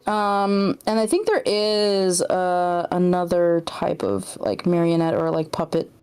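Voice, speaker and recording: A woman guest chats easily on a podcast, agreeing warmly and laughing often. Her voice sits a little low, with faint music in the background. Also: steady tone, measured pace, clean tone. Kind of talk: casual chat.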